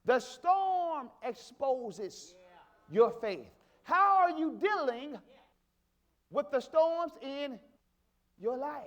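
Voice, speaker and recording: Slow, high-voiced man. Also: expressive, fairly bright tone. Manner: emphatic preaching with repeated questions. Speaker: pastor. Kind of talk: sermon.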